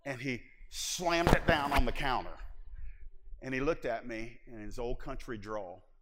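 A middle-aged man preaching a personal testimony in church, moving from hushed confession to loud exhortation. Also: mid-range voice, unhurried, very noisy. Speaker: preacher giving his testimony. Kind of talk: sermon testimony. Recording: long hall reverb.

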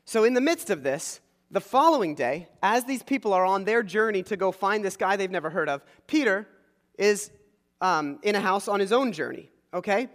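In a big-room sound, a man whose voice sits high preaches as a pastor at normal speed. He retells a story in a lively way, voicing the people in it himself.

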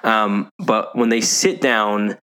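A man with a fairly low voice co-hosting a casual podcast and leading the talk. He retells a film scene with energy, stopping to correct himself along the way. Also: slow, clear, resonant tone. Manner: animated storytelling, self-correcting recaps. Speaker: podcast co-host. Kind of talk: casual movie discussion chat.

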